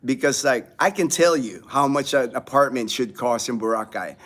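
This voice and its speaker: Chatting with his audience from home in the Philippines, a man runs a relaxed livestream and reads viewer comments. His mid-range voice is a bit bright and moves at a moderate pace, and he rambles with plenty of fillers and restarts.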